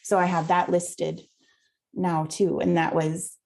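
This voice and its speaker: A woman's voice: on the low side, flat delivery, takes it slowly, creaky, darkish tone. A woman guest on a podcast, chatting casually and telling at length about the items she has found to resell. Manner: chatty, telling her own finds at length. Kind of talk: casual interview chat.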